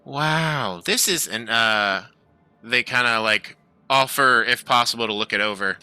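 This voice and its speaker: A man's voice: medium pitch, measured pace, bright, forceful tone, clean tone, dry recording, soft background music. A man voicing a nervous, talkative young male halfling craftsman who keeps tripping over his words. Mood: excited. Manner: flustered, apologetic, stumbling over words.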